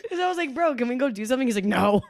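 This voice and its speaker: In a dry recording without room sound, a young woman with a high, rapid-fire voice co-hosts a podcast. Her storytelling is animated and casual, packed with acted-out quotes and frequent laughter.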